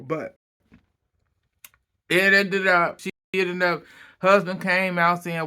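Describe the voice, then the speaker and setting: A man's voice: high voice, unhurried, bright, forceful tone. A man hosting a casual vlog, animatedly retelling drama and acting out quotes. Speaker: vlog host. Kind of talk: casual gossip recap.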